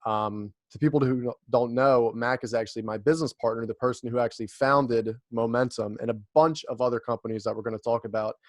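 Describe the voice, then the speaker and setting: A young man hosts a podcast in a loose, laughing, swear-filled chat. His voice sits at an ordinary middle pitch, recorded close and dry with no room sound. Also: fairly even intonation, a little fast, few pauses, no echo. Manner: laid-back, profane, laughs often. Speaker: podcast host. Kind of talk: casual chat.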